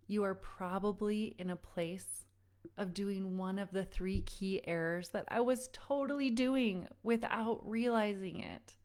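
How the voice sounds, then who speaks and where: Her voice sits in the mid range and is a little mellow. As a parenting coach hosting a live online workshop, she speaks directly to listeners she calls friends, relating stories casually and saying "like" frequently.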